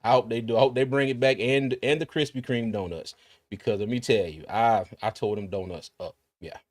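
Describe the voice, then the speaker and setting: A man's voice: medium pitch, fairly even intonation, a little fast, darkish tone, dry recording. A man hosting a casual livestream, chatting and reading viewer comments aloud with frequent restarts. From Carolinas, US. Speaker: livestream host.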